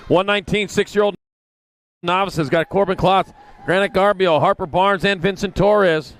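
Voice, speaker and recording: A man's voice: high-pitched, normal speed, a bit bright, smooth. A man calling a kids' bike race live, folksy and chatty, with rambling asides. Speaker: race announcer. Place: outdoor race track.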